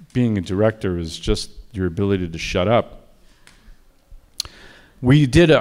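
A man's voice: on the low side, darkish tone. Male film director, interview, anecdotal, self-deprecating, restarts sentences often. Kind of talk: interview conversation.

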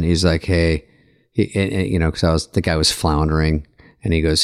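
A middle-aged man co-hosting a casual chat, telling stories in a deadpan way and acting out other people's lines. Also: deep voice, fairly quick. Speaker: podcast co-host.

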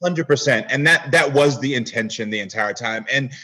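Man, husky voice, earnest, storytelling guest, mid pitch. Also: moderate pace, sharp tone. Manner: earnest storyteller, acts out quoted exchanges. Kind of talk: casual interview conversation.

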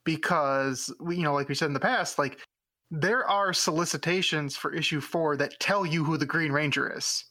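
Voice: mid-range voice, normal speed, pushed and bright. A podcast co-host in casual chat, explaining things at length as a comic-book fan.

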